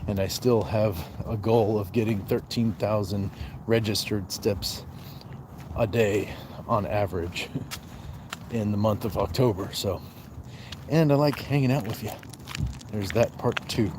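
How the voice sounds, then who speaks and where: A man's voice: fairly low pitch, measured pace, long pauses, noisy background. A man hosting a casual live stream from his phone while walking outdoors at night, reading viewer comments aloud and chatting back. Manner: relaxed, reads viewer comments aloud and answers them. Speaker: livestream host. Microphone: handheld phone.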